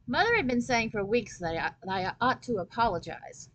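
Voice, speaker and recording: A woman reading a children's chapter book aloud as a storyteller, with lively first-person narration. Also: on the high side, normal speed, hardly any pauses, rough recording.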